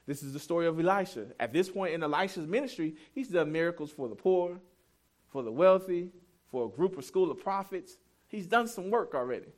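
A man's voice: a little high, animated, a little fast. A man in his thirties preaching a sermon as pastor, telling a family story in a candid, self-deprecating, conversational way.

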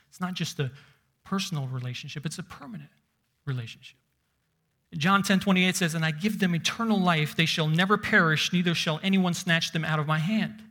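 Emphatic preacher man, slightly high voice. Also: vocal fry, fairly bright tone. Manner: emphatic, slows and drops to near whisper for stress. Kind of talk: sermon.

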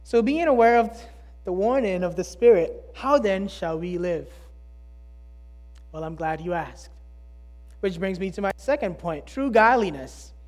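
A preacher giving a sermon in a mid-pitched voice, pressing hard on key words. The delivery keeps rising into pointed rhetorical questions and then dropping to a hush. It sounds earnest and driving. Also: animated, a little slow, long pauses. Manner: emphatic, asks rhetorical questions, swings between loud and hushed.

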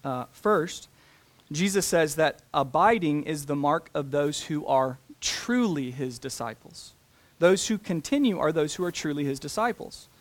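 A man preaching a sermon, talking deliberately and slowing down to stress key phrases. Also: on the high side, expressive. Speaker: pastor.

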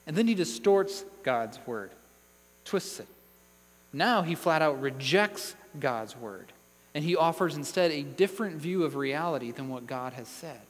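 A man's voice: fairly high pitch, lively intonation, unhurried. Brief emphatic preacher man, echoing hall. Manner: earnest, emphatic Bible teaching with read-out verses. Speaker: pastor. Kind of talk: sermon. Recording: long hall reverb.

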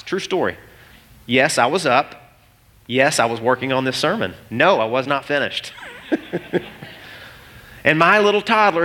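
A man in his thirties preaching a sermon, telling a story and acting out the voices in it. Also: mid-range voice. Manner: animated storytelling, acts out voices. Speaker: pastor.

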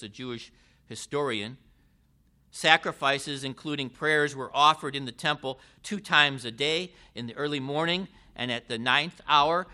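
Male pastor, measured sermon delivery, crisp bright voice. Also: mid-range voice. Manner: slow, deliberate preaching with emphatic rises and falls. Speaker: preacher.

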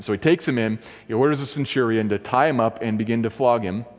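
A man preaching a sermon and retelling a story. He acts out the quoted voices by shifting his pitch. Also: fairly quick, few pauses. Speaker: pastor. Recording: long hall reverb.

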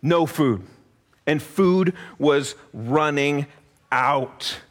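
High-voiced playful preacher in a reverberant hall. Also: male voice, drawn-out words. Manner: playful, asks the audience questions, acts out voices. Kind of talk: animated sermon to a family audience.

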